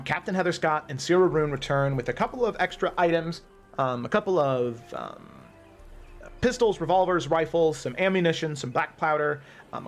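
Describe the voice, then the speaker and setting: A man narrating a tabletop game as game master, meandering with frequent pauses and restarts. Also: a little high. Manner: meandering, many ums and restarts.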